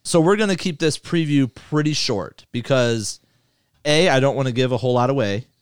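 Guy hosting a chill movie podcast, smooth clear voice, dry close sound, swears a lot. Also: medium pitch, dry recording. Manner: loose, profane, reads lists quickly. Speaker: podcast host. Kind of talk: casual movie podcast chat.

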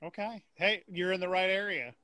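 A male podcast host in a casual interview, upbeat and asking quick questions. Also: sits high, fairly even intonation, sharp tone, dry recording.

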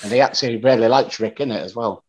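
A man's voice: mid-range voice, fast talker. A male podcast guest in casual film chat, easygoing and sharing trivia. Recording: slightly dull recording.

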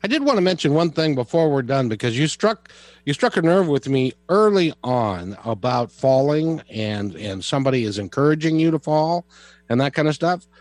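A man's voice: on the high side, very animated, normal speed, dry recording. A man hosting a call-in radio show, chatty and friendly with folksy asides to callers. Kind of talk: casual talk radio hosting.

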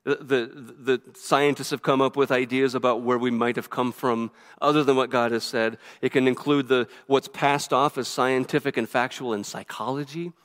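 Male pastor, sermon, rapid earnest delivery, mid-pitched voice, long church reverb. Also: fairly even intonation, a bit bright. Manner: rapid, earnest preaching with repeated restarts. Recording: reverberant hall.

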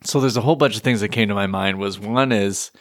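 A man's voice: lowish voice, fast talker, no room sound. Male co-host, chatty and joking, dry close recording. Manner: chatty, joking, plays song clips. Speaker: podcast co-host. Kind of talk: casual chat.

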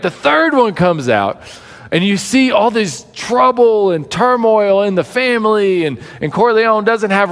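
Animated preacher in a reverberant hall. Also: male voice, high-pitched. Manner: animated storyteller acting out quoted voices. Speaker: pastor. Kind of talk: sermon.

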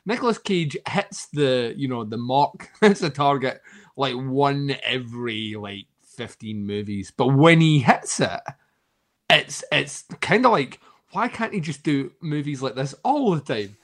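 A man's voice: mid-range voice, animated, measured pace, fairly bright tone. A man co-hosting a casual film chat, rambling, laughing often and swearing freely.

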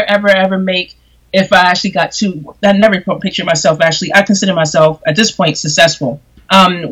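A chef from New York, a guest on a talk show, telling stories in a lively way and often laughing and acting out quotes. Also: medium pitch, rough recording. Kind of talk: casual storytelling in conversation.

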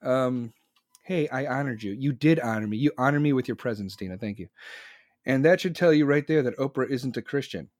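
A man's voice: medium pitch, brisk, darkish tone, no echo, clean studio sound. A man in his forties in casual, profane, rambling chat, reading and answering comments from his audience.

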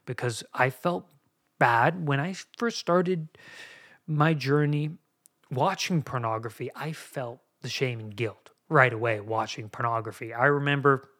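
A man in his thirties talks through his own recovery on a podcast, earnest and confessional. His voice sits at an ordinary middle pitch, and he often circles back and restarts his phrases as he works through a thought. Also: a little slow, a bit bright. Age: 30s. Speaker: podcast host. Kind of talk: personal recovery monologue.

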